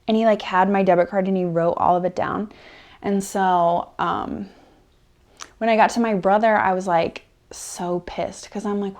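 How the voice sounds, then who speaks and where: A young woman telling a rambling personal story during a personal-attention ASMR role-play. She drifts between hushed, close murmurs and lively, chatty bursts, full of "um" and "like". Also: mid-range voice, moderate pace. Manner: rambling, chatty, filler-heavy, swinging between soft and animated. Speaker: ASMR creator.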